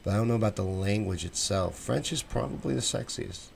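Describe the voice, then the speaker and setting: Male host, chatty, reacts to chat comments, lowish voice. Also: a little fast, creaky, hardly any pauses, husky. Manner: chatty, reads viewer comments aloud and reacts with opinions. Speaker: show host reading live chat. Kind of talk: casual live-stream chat.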